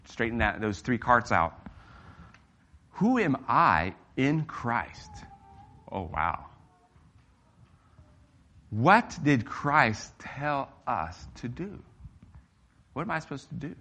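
A man's voice: mid-range voice, very animated, slow pace, pauses often, bright, forceful tone. A middle-aged man preaching a sermon in an emphatic, earnest way, his voice rising and dropping for emphasis.

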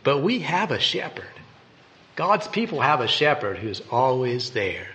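A man's voice: medium pitch, sing-song, unhurried, sharp tone. A man giving a devotional meditation and reading scripture aloud in an earnest way, often repeating and restarting words. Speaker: preacher.

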